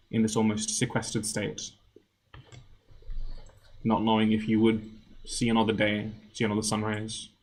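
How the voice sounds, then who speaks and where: A game master setting a tabletop scene, narrating in measured, descriptive sentences. The voice sits at a middle pitch.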